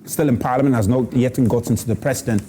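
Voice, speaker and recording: A man's voice: medium pitch, fast, noisy background. A man hosting a TV morning show, moderating a debate and reading from the paper. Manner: calm moderator, reads aloud from newspaper. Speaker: TV show host.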